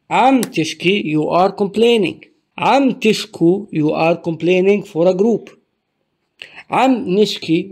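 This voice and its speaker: A man with a rather high voice runs a language lesson from his own channel. He says each word, repeats it and explains it one step at a time, in a patient, teacherly way. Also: darkish tone. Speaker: Arabic teacher.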